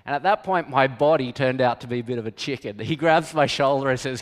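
A man's voice: medium pitch, a little fast, few pauses. A middle-aged man, preaching a sermon in a candid, conversational storytelling manner with self-deprecating humour. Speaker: pastor. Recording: long reverb of a hall.

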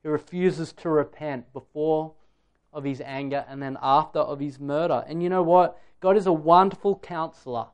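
A man's voice: on the high side, normal speed, highs cut off. A man preaching a sermon in an earnest, emphatic way, putting direct questions to his listeners.

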